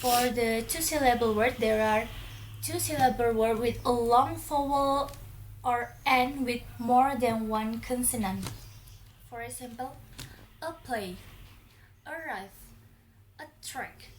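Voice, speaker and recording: Slow, careful young woman presenting a lesson. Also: fairly high pitch, fairly even intonation, a little hiss or hum, low-quality recording. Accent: Indonesian. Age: young adult. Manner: reads from notes, careful and deliberate, lists examples one by one. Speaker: student presenter. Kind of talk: read-aloud class presentation.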